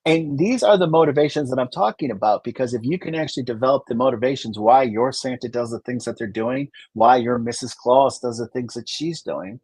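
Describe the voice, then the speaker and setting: Husky-voiced man, chatty and explanatory. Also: mid-range voice, a little fast, hardly any pauses, a little mellow, no echo. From Great Lakes region of the US. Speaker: Santa performer and podcast co-host. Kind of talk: casual conversational chat.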